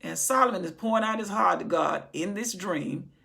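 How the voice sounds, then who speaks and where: Woman preaching through a bible passage, bright gravelly voice, big emphatic reading. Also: on the low side, moderate pace. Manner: emphatic, dramatic scripture reading. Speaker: Bible teacher. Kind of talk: Bible study sermon.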